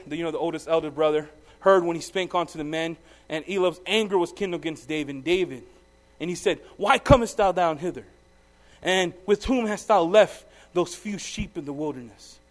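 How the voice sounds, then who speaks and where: A man with a high voice preaches a sermon, reading scripture haltingly and then pressing his listeners with direct questions. His delivery swings between loud and very soft passages.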